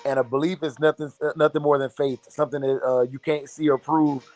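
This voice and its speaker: A man's voice: on the high side, little pitch movement, brisk, darkish tone, no echo. A man on a casual livestream, speaking earnestly and reflectively while stumbling over his words.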